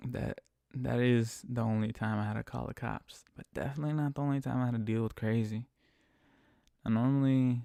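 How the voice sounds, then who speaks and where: A young man with a gravelly, dark voice rants bluntly about his rideshare passengers, full of swearing. The sound is close and dry, with no room around it. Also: mid-range voice, no room sound. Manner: profane, blunt, ranting. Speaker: rideshare driver. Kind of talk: casual podcast monologue.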